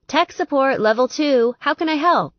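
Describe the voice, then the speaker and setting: A woman narrator voices a busy young woman whose light, cheerful voice sits well above the narration. She sounds sweet and apologetic, rising and falling in a lively way. The audiobook recording is dry and a little dull. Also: high-pitched, normal speed, no room sound, pitched above the performer's own voice.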